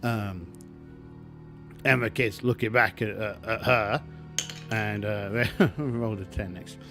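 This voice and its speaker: A man's voice: on the low side, takes it slowly, a bit bright, faint music behind. A man narrating a solo tabletop game, thinking aloud with many restarts and fillers.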